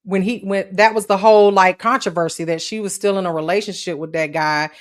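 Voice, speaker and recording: A woman of ordinary pitch speaks on a livestream talk panel. She pushes back with dry, sarcastic remarks. Her tone is casual, in a heated back-and-forth. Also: steady tone, fairly quick. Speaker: co-host panelist.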